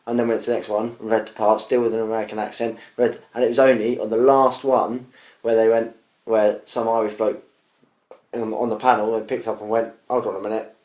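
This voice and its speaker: A man's voice: fairly low pitch, little pitch movement, brisk, darkish tone. Man telling a tale, echoey room. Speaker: podcast co-host. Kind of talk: casual film review chat. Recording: roomy echo.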